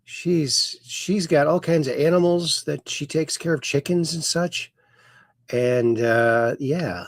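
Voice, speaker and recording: A man's voice: on the high side, slow pace, no room sound, clean studio sound. A man hosting a casual livestream, reading viewers' chat messages aloud in a folksy, playful sing-song way. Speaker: host.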